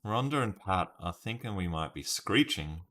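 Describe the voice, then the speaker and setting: A deep-voiced man streams himself solving a word puzzle, animated and moderately paced with a sharp tone. He talks through each guess and chats with viewers by name over a webcam stream setup.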